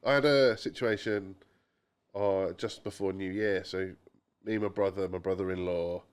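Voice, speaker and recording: A man's voice: sits low, fairly even intonation, moderate pace, clean tone. A young man co-hosting a casual podcast, telling chatty anecdotes and quoting people in voices. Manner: chatty storyteller, quotes people in voices, mild swearing. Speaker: podcast co-host.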